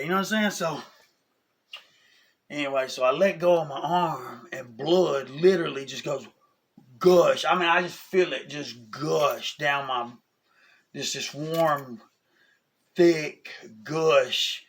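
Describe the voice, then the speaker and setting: A man, telling a personal story in a casual, animated way, often asking "you know what I'm saying?". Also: fairly high pitch, slow. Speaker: vlogger.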